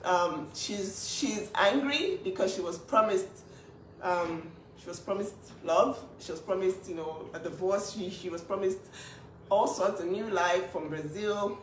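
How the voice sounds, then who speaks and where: A woman's voice: mid-range voice, a little slow. A woman speaking up for her younger sister, emphatic and indignant, often restarting her sentences. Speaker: older sister defending her sibling. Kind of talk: emotional vlog statement. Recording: echoey room, distant mic, faint noise.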